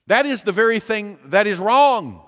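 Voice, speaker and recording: A male pastor preaching a sermon, deliberate and emphatic, with repeated phrases and rhetorical questions. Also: sits high, animated, a bit bright, long reverb tail.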